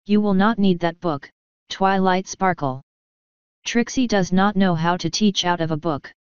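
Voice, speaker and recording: A woman's voice: on the low side, measured pace, clean tone, no room sound, natural voice. A woman voicing a boastful female unicorn showmare who speaks of herself in the third person, in a storybook reading. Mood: haughty. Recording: dull lo-fi dry recording.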